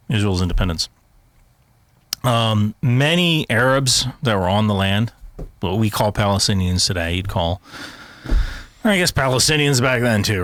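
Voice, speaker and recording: A man talking as an intelligence analyst guest in casual podcast chat, animated, laughing often and restarting his sentences. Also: fairly low pitch, dry recording.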